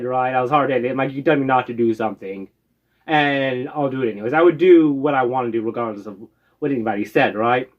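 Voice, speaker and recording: An American man casually telling stories from his past, rambling with lots of "uh"s and a habitual "right?". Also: mid-range voice. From United States. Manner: rambling, many "uh"s and tag "right?". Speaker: storyteller. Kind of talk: casual storytelling. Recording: dull lo-fi recording.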